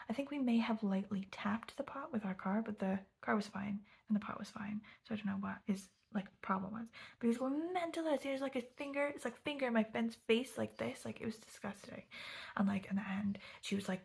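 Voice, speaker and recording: A woman's voice: mid-range voice, fairly even intonation, fairly quick, creaky, a little mellow, slightly rough. Whispering woman telling a story. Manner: chatty, swearing, lots of "like" and "okay?". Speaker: vlogger. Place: home, on a sofa, late at night.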